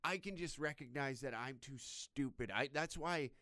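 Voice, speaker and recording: A young man with a crude, loud and sarcastic manner, delivering a profane comedic rant into a close mic. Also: medium pitch, normal speed, no echo. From Canada.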